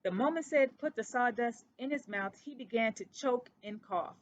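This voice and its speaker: Storyteller: woman with a slightly high voice, reading a children's book at an easy pace. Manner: steady, unhurried storybook reading.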